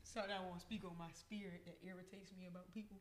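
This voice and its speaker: High-voiced ranting man. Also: flat delivery, racing. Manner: emphatic, profane ranting. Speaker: podcast co-host. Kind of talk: casual chat.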